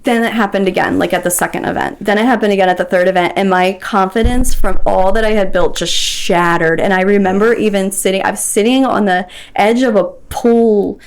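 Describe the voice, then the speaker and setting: A woman's voice: steady tone, slight background noise. Chatty woman sharing her recovery story. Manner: chatty, quick, acts out remembered dialogue in a higher voice. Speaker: podcast guest. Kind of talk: candid personal storytelling.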